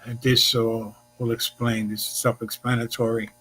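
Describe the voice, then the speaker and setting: A man's voice: medium pitch, little pitch movement, moderate pace, a bit bright, slight background noise. A male talk show host chatting casually with his guest, rambling with many fillers. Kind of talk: casual interview chat.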